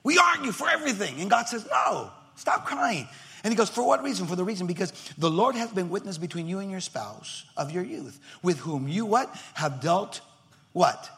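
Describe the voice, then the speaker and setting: A male pastor preaching a sermon emphatically, swinging from shouts to near whispers and acting out members of the congregation. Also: high voice, lively intonation, brisk.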